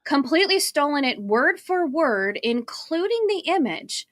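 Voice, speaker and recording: A woman from Arizona, USA, co-hosts a marketing livestream in a casual, chatty way, laughing as she wanders off on tangents. Her high voice has a sing-song quality and a measured pace, captured in a dry, studio-quality recording.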